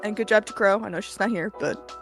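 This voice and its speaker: A woman in casual chat on a group call who swears, laughs and reacts quickly. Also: medium pitch, gravelly, a bit bright, faint music behind.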